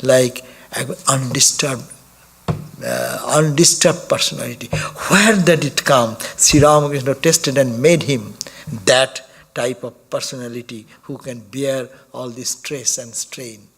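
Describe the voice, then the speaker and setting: A man giving a sermon as a monk, speaking haltingly, with soft laughs while he tells stories. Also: mid-range voice, gravelly, breathy edge. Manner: halting, repeats and restarts words while explaining.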